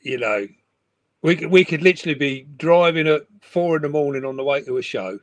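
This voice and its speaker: A middle-aged man co-hosting a live stream from his room at home, talking in a chatty way that is often broken up by laughter. His voice sits a little high and moves up and down a great deal. The sound is dry and close. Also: animated, brisk, dry recording. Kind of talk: casual chat.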